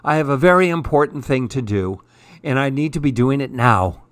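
A man voicing a fussy, self-important male pigeon who talks in a brisk, huffy, impatient way. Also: mid-range voice, expressive, fairly bright tone, smooth, no echo, close to an everyday voice.

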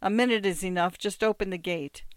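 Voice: mid-range voice, brisk, clean tone, dry recording, natural voice. A reader voicing a poor, desperate old man, pleading in broken word order. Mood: begging.

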